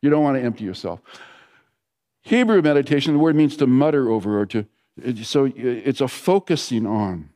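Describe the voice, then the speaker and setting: A man's voice: mid-range voice, lively intonation, normal speed, in a large hall. Man preaching a conversational sermon. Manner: conversational storytelling preacher, drops to a soft hush for prayers. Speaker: pastor.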